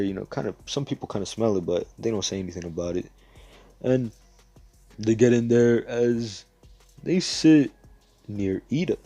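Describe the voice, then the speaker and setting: A man's voice: fairly low pitch, mellow, slightly rough, no room sound. A man casually narrating a fan story in a loose, sweary way with filler asides. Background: faint background music.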